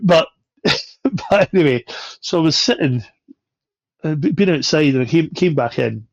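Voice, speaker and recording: A man's voice: fairly high pitch, animated, measured pace, no room sound. A man on a podcast, telling a travel anecdote with swearing and laughter. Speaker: podcast guest. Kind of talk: casual storytelling. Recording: dull, lo-fi sound.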